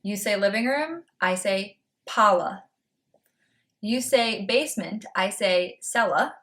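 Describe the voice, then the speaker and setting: A young woman from north of Boston with a light Boston accent, chatting casually to camera as a book vlogger. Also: medium pitch. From Massachusetts, north of Boston. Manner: chatty and playful, lively on word lists. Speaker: BookTube vlogger.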